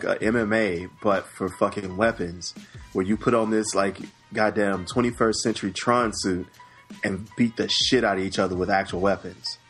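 Brief: low-voiced male podcast co-host, loud, profane, quick to get excited. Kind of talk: casual chat.

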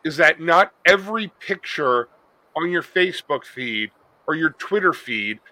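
A man's voice: on the high side, lively intonation, bright, forceful tone, no echo, low-quality recording. A man co-hosting a podcast, riffing jokily in casual banter. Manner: quick, jokey riffing. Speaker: podcast co-host.

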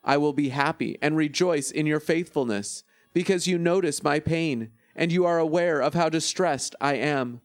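A man reads scripture in a steady, measured way. His voice sits a little above the usual male range. The sound is close and dry, with no room around it. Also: on the high side, dry recording. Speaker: scripture reader. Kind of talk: scripted Bible reading.

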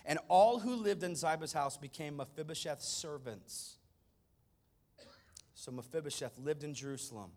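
With a mid-range voice, a male pastor retells a scripture story as a sermon. His delivery is dramatic, shifting between loud stretches and hushed passages.

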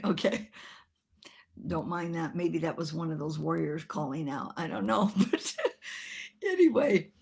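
A woman preaching a sermon, telling a story with animated, humorous acted-out voices. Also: sits low, creaky, breathy edge.

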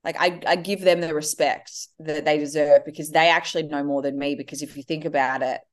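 Woman, 30s, podcast guest, lowish voice, animated storyteller. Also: a little fast. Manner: animated, acts out her kids' voices. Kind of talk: casual conversation.

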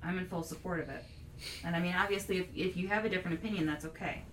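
A woman's voice: fairly low pitch, steady tone, very fast. A woman hosting a casual chat, giving her opinions and thinking aloud, padding her points with lots of "you know"s. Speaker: podcast host. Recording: echoey room, distant mic, faint hiss.

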